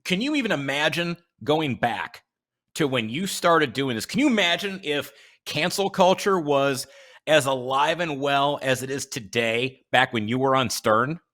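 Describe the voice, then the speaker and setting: A man hosts a casual podcast in a bright, forward voice at a middle pitch. He talks earnestly, stopping and restarting his sentences as he works toward his point. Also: lively intonation. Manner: earnest, halting, with many fillers and restarts. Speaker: podcast host.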